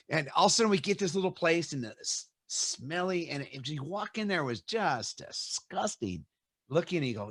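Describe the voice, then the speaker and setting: A middle-aged man hosting an interview, telling stories in a lively way and acting out quotes with laughs. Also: a little high, a little fast, no room sound, studio quality. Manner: animated storyteller, acts out quotes with laughs. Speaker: host. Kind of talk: casual storytelling interview.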